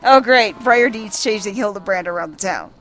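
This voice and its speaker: A woman casually narrating a video game for blind viewers, laughing often, swearing, and excitedly describing what happens on screen. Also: medium pitch, moderate pace, soft background music.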